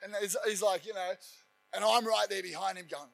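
A man preaching a sermon, telling stories with energy and building to fervent shouts. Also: high-pitched, fairly even intonation, fairly quick, creaky. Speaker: pastor.

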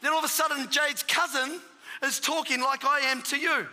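A man in his thirties preaching and telling his testimony, excitable and bursting into shouts for emphasis. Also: very high-pitched, normal speed. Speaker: guest preacher giving testimony. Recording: reverberant hall with live audience.

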